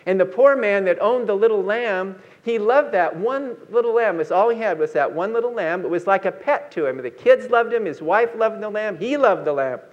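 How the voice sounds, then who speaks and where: Preacher, male, high-pitched, storytelling sermon delivery, slow emphasis on key lines. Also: dull audio. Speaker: pastor.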